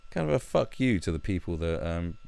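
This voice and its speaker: A man's voice: low voice, sing-song, fairly quick, gravelly, a little mellow. A man giving rambling, sweary commentary and often restarting his sentences. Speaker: YouTube commentator. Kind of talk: ranting commentary.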